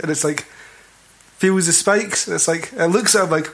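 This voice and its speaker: A man's voice: on the high side, moderate pace. A young Scottish man talking casually and swearing about a film. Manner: sweary, relaxed banter.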